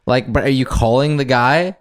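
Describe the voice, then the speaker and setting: A young man, co-hosting a podcast in a relaxed, hesitant way, piling up fillers as he argues his point. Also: mid-range voice, moderate pace. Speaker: podcast co-host. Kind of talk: casual chat.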